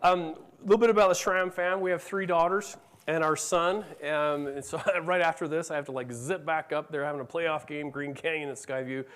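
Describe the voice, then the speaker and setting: A man's voice: fairly high pitch, fairly even intonation, normal speed, few pauses, fairly bright tone, smooth. A middle-aged man giving a conference talk, telling a story about his family and acting out their dialogue. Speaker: conference speaker. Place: conference room.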